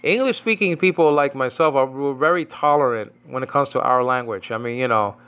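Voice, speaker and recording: A man from New York teaching a casual Greek Bible lesson at home, rambling and slowly repeating Greek words. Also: medium pitch, a bit bright, smooth.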